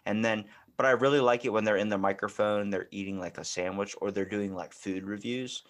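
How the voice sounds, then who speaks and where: Animated, profane man hosting a podcast. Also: fairly low pitch, fairly quick. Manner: animated, profane, bursts into acted quotes and screams. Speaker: podcast host. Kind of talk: casual chat.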